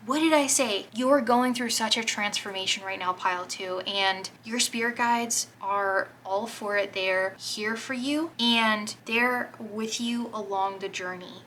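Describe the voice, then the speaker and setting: A woman reads tarot at an unhurried pace, her voice bright and clear. She talks gently and reassuringly, gushing over each card as it comes up. A faint hum of ambience sits behind her. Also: mid-range voice, low-quality recording. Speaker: tarot reader. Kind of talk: spoken tarot reading to viewers.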